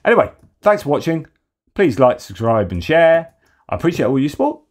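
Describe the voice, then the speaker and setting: A man's voice: fairly high pitch, sing-song, a little fast, darkish tone. A man from the UK hosting a casual news commentary show, talking loosely with sarcastic, mocking asides. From United Kingdom. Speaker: host.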